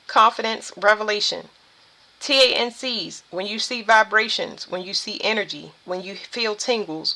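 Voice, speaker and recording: Bright-voiced woman giving an emphatic tarot reading. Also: medium pitch. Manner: emphatic, preachy, addresses viewers as y'all. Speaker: spiritual tarot reader.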